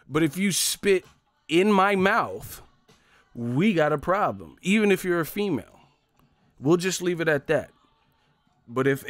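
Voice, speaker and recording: A man on a profane, animated comedic rant, laughing often as he talks. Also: on the high side.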